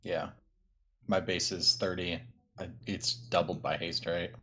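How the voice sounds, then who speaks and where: This man has a fairly low voice and plays in a tabletop game. He talks casually and sheepishly, breaking into loud excited outbursts now and then. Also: measured pace, a little hiss or hum. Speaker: player.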